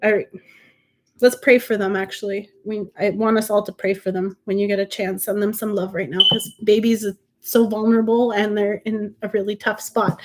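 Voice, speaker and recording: A woman's voice: medium pitch, flat delivery, normal speed, noisy background. A woman giving a live tarot reading, reassuring and emotional, calling viewers honey and sweetheart, often stopping and restarting her sentences. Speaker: tarot reader and livestream host.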